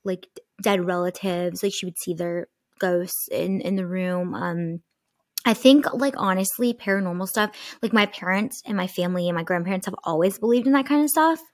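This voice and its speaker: A woman's voice: lowish voice, normal speed, darkish tone, no echo. Young woman rambling through a ghost story, lots of likes and swears, dry close sound. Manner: chatty, many fillers, swears freely. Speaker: guest telling a ghost story. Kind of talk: casual storytelling.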